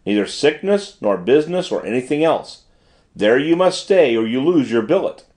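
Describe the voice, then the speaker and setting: A man voicing a brisk, fussy middle-aged male manager who talks formally and gushes in an audiobook reading. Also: medium pitch, very animated, darkish tone, close to an everyday voice. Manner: formal, gushing and exacting.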